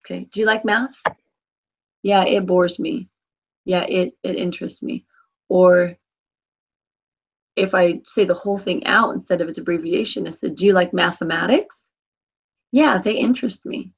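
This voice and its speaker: A woman's voice: on the low side, normal speed, gravelly, long pauses, breathy edge, muffled recording. A woman teaching a Spanish class online, patiently correcting her students by name. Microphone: computer mic on a video call.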